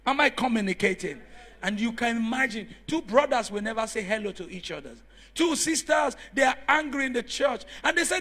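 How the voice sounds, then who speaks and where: A man preaching a sermon in church, telling stories and rising to shouts as he calls on the congregation. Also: very high voice, sing-song, fairly quick. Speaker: pastor.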